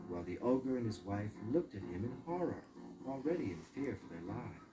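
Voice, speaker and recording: A man narrating a storybook tale in a lively, informal way. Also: on the low side, normal speed, over music, poor audio.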